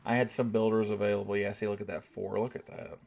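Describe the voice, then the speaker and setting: A man's voice: fairly low pitch, level tone, quick pace, gravelly, a little mellow. A young man with a Southern US accent, chatting casually with his viewers while streaming a game, joking and laid-back. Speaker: gaming streamer. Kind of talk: casual live-stream chat.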